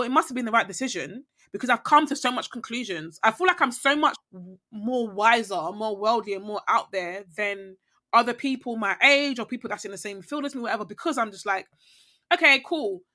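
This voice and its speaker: A young woman, a guest on a podcast, speaks in a fairly quick, high-pitched voice with a bright, forceful tone. She rambles reflectively in casual conversation and keeps checking in with the listener.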